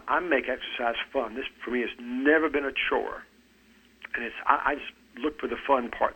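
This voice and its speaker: A man's voice: mid-range voice, a bit bright, slightly rough, low-quality recording. A man in his seventies, an author talking about fitness in an interview, earnest, often repeating a word as he starts a sentence. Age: 70s. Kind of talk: conversational interview.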